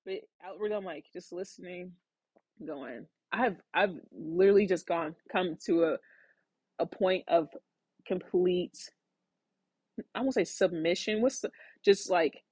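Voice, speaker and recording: A woman in her thirties, a podcast host, telling a personal story in a rambling, animated way with lots of fillers and restarts. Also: fairly low pitch, unhurried, long pauses, breathy edge, no room sound. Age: 30s. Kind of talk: casual storytelling monologue.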